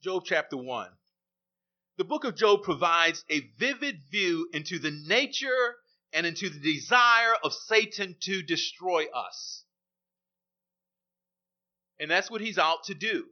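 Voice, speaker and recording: Man, preacher, sermon, emphatic, repeats phrases, high-pitched, dull lo-fi recording. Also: expressive, a little slow, pauses often, bright, forceful tone.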